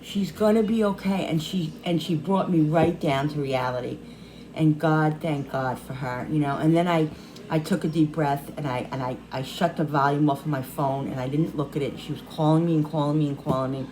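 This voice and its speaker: A woman's voice: low-pitched, fairly even intonation, moderate pace, dark tone, slight background noise, low-quality recording. A middle-aged woman vlogging, telling a personal story through tears, rambling and restarting often. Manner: tearful, rambling, many restarts. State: crying.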